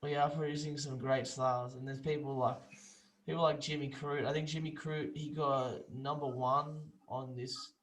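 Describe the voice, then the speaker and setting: A man's voice: medium pitch, little pitch movement, moderate pace, a bit bright, low-quality recording. A young man co-hosting a podcast, chatting loosely about fights and swearing freely. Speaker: podcast co-host. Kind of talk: casual sports chat.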